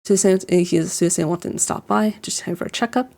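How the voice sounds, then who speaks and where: A mid-range voice with vocal fry and a darkish tone moves briskly as this woman reacts to an anime episode in a casual way. She rambles with lots of "like" and restarts, chuckling as she describes what happens.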